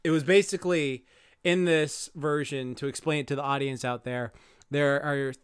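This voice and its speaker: A man co-hosting a comedy podcast, telling stories loudly with lots of laughing and swearing. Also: fairly high pitch, normal speed, smooth, no room sound, studio quality. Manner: loud, laughing, swearing, animated storytelling. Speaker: podcast co-host. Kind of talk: casual comedic chat.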